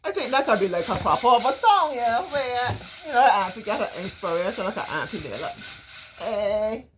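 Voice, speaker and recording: A woman's voice: fairly high pitch, big pitch swings, normal speed, a crowd in the background. A middle-aged woman with a Barbadian accent reading a storybook aloud to children, playful and often laughing, with chatty dialect asides.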